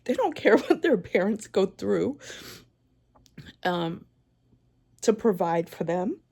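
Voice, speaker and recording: A woman in her forties giving a tearful, halting vlog, crying as she talks. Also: medium pitch, big pitch swings, gravelly, a little mellow, husky. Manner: tearful, halting, with many pauses and restarts. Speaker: vlogger. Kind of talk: emotional personal vlog.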